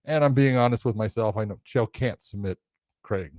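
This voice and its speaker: A man casually telling a story as a podcast co-host, animated and acting out quotes with laughter. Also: fairly low pitch, normal speed, dry recording.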